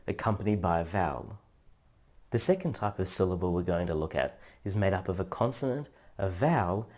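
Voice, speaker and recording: A man narrating a scripted language lesson in a measured, instructional way, drawing out syllables for practice. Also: on the low side, darkish tone. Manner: slow, measured, drawn-out syllable drills. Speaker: language teacher.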